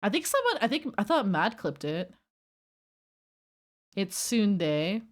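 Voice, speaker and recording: A woman's voice: medium pitch, sing-song, slow. A woman streamer chatting casually and rambling while reacting to her chat. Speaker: livestreamer.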